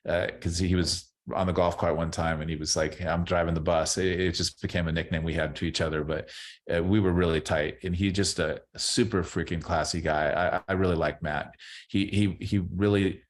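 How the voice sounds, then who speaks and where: Middle-aged male guest, very low voice, loose rambling chat with lots of restarts. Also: fairly even intonation, normal speed. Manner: rambling, repeats words and restarts often. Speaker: podcast guest, former baseball player. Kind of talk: casual interview chat.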